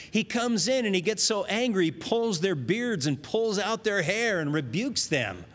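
Animated preacher with a high, lively voice. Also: male voice, big-room sound. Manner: animated preaching, voicing God's words. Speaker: pastor. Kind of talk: sermon.

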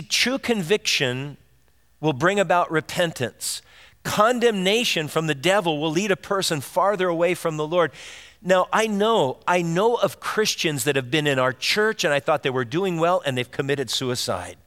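A man's voice: fairly high pitch, animated, moderate pace, fairly bright tone. A man preaching a sermon as pastor, earnest and direct, asking his listeners rhetorical questions. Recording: long reverb of a large hall.

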